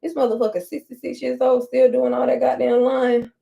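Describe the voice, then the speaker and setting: A young adult woman tells an animated, profane storytime while she gets ready. Her voice sits on the higher side, and she is blunt and unfiltered. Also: a little fast, creaky, highs cut off. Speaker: vlogger. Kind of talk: casual storytime while doing hair.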